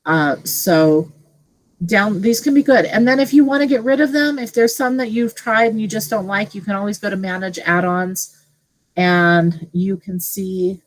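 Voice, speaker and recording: Chatty woman teacher, lowish voice. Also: low-quality recording. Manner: casual, chatty, thinking aloud with fillers. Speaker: teacher leading a tech training session. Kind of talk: screen-share tutorial for colleagues.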